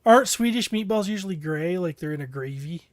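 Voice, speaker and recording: Brief: male host, high voice, dry close sound, playful banter. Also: animated, brisk, no echo. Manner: joking, playful. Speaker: podcast host. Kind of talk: casual chat.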